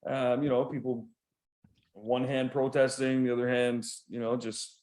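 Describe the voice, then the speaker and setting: A man's voice: medium pitch, little pitch movement, a little slow, a little mellow. A Canadian man co-hosting a podcast in casual chat, rambling along, laughing often and swearing freely. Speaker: podcast co-host.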